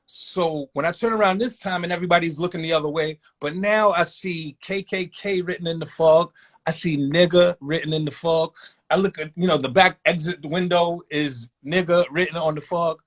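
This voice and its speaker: A man telling a long personal story in a casual, animated way, acting out voices in quotes. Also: on the high side, moderate pace.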